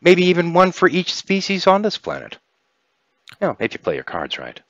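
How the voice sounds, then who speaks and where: A man's voice: sits high, wildly swooping pitch, normal speed, a bit bright, no echo, pitched above the performer's own voice, heavily acted. Man voicing a scheming alien woman, grinning, sinister edge, dull lo-fi sound. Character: sly scheming woman alien power broker.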